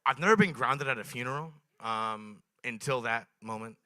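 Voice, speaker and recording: Young male stand-up comic, bright forceful voice, dry close sound, dark deadpan storytelling. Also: medium pitch, moderate pace, smooth, no room sound. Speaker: stand-up comedian. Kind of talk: stand-up comedy set. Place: small open mic venue.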